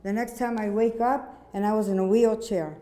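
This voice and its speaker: Warm-voiced woman giving church testimony. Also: medium pitch, steady tone. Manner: earnest, halting, with many restarts. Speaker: speaker giving a personal testimony. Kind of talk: church testimony, personal storytelling. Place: church conference hall.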